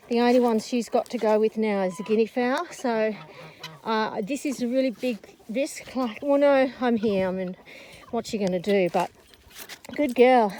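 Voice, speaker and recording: A breathless woman outdoors on a farm, training her dog with sharp calls and muttered asides to the camera. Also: on the high side, a little hiss or hum. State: breathless after illness. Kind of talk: casual vlog commentary. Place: outdoors on a farm among poultry. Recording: outdoor phone video with loud birds. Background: clucking fowl and geese.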